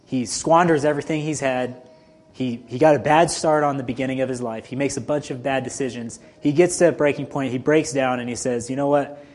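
A man's voice: medium pitch, darkish tone. A man preaching a sermon as a pastor, emphatic and full of rhetorical questions to his listeners.

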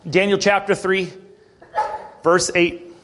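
A man teaching a morning Bible class in a conversational way, often clearing his throat and checking in with "okay?" and slowing to stress key words when he reads scripture. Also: high voice, flat delivery, fairly bright tone, a little hiss or hum.

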